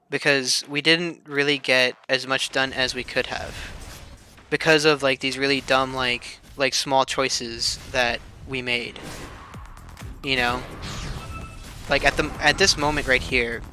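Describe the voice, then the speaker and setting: A man's voice: mid-range voice, steady tone, measured pace, sharp tone, soft background music. A young man casually talking over a match replay, swearing a lot, filling his talk with "like" and laughing often. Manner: loose and profane, heavy filler "like", laughs often. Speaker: streamer reviewing his team's match. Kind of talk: casual game replay commentary.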